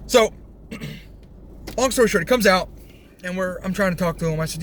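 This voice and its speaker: A young man telling a rambling personal story, animated, swearing freely and restarting his sentences. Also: high voice, moderate pace, long pauses. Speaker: vlogger. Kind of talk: casual storytelling. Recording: faint background noise.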